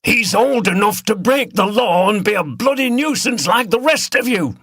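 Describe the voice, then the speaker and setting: Angry shouting beater done by a man, strained high voice, bright tone. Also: expressive, normal speed, husky, no echo, clean studio sound, exaggerated voice.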